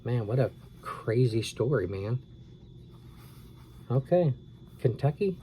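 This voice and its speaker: A man reading a scary children's storybook aloud at a steady, unhurried pace. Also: medium pitch, a little hiss or hum, poor audio.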